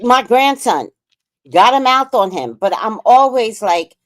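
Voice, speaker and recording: A woman's voice: fairly high pitch, lively intonation, unhurried. A middle-aged woman and grandmother hosting a casual livestream chat, talking bluntly with profanity and telling family stories. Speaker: livestream host.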